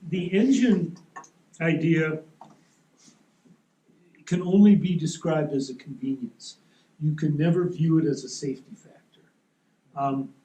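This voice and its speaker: A man giving a relaxed, practical seminar talk to a club audience, explaining with rules of thumb in a meeting room. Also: a little high. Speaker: seminar presenter. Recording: echoey room.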